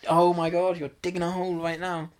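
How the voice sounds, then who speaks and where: A man's voice: high-pitched, completely flat delivery, a little fast, a crowd in the background. A man co-hosting a comedy podcast, teasing his partner, laughing often and acting mock-exasperated. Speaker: podcast co-host.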